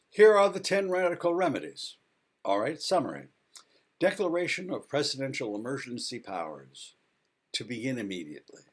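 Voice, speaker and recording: Male author presenting his own video essay; mid-pitched, insistent, hammers each point home. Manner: emphatic, listing items with a repeated refrain. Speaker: author and psychology professor.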